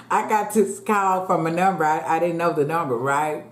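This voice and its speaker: A woman's voice: fairly low pitch, measured pace. A woman in her fifties chatting casually with viewers while she eats, calling them "y'all" and praying aloud. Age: 50s. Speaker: food vlogger. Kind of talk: casual eating chat to viewers. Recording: echoey room.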